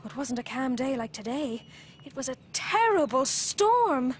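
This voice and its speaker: A British woman presenting children's TV and telling a story in an expressive, playful way. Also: sits high, a little slow, slight background noise.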